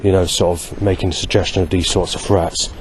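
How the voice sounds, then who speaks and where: A man vlogging a spoken diary outdoors, halting and correcting himself as he goes. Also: sits low, little pitch movement, heavy background noise. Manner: halting, with many restarts and self-corrections. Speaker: vlogger recording a daily log.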